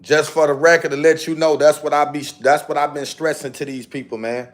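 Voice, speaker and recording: A man's voice: fairly high pitch, level tone, fairly quick. A man hosting a livestream, talking straight to his viewers in slang and often asking "you know what I'm saying". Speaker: livestream host. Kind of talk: casual livestream commentary.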